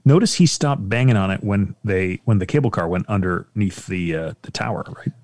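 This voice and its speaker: A man chatting casually with friends while reacting to a video, animated and given to acting out little voices as he spins theories. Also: on the low side, fairly quick, no echo, clean studio sound. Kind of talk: casual banter.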